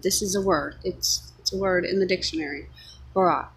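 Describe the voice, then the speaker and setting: A woman's voice: lowish voice, fairly even intonation, moderate pace, gravelly, slight background noise, poor audio. A woman giving an earnest, unscripted spiritual monologue, speaking her thoughts as they come to her. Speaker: vlogger sharing spiritual reflections.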